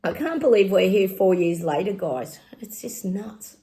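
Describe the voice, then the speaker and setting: A middle-aged woman chats through a casual psychic reading and speaks straight to her viewers. Her voice carries a lot of gravelly fry, and she exclaims often. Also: mid-range voice, lively intonation, unhurried, mellow. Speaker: psychic channel host.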